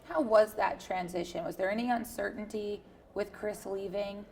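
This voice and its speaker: A woman sports interviewer with a mid-pitched voice and a clear gravelly fry. She asks long, friendly, rambling questions. Faint noise sits behind her voice. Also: steady tone, normal speed, a little mellow.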